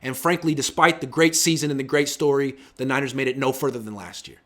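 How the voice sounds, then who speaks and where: Speaking quickly at a medium pitch, this thirty-something host runs a laid-back sports talk show. He stays animated throughout and performs quotes with swinging vocal impressions.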